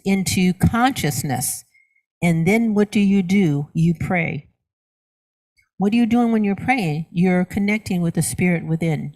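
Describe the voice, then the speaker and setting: A woman's voice: fairly low pitch, darkish tone. A middle-aged woman minister giving a sermon. She asks the congregation questions and answers them herself, and she repeats words for emphasis.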